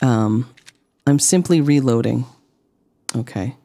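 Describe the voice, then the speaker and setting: Woman streamer, low voice, slow drawl, rambling deadpan gameplay chatter. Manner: rambling, deadpan jokes to chat. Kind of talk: casual gameplay commentary.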